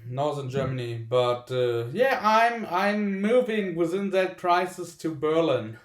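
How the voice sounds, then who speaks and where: A man on a video call speaks with a slightly higher voice, stumbling through restarts and filling gaps with "uh". His voice rings a little in a roomy space. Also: animated, unhurried. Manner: hesitant, repeats words and restarts. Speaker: call participant. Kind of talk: casual video call chat.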